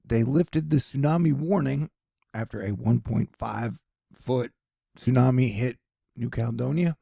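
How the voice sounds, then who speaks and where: Man, news vlogger, husky gravelly voice, dry close sound, wry and jokey, reads tweets aloud. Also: medium pitch, a little slow, dry recording. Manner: excitable, rising to loud questions. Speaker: online news commentator. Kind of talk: casual news vlog, reading tweets aloud. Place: home in Texas.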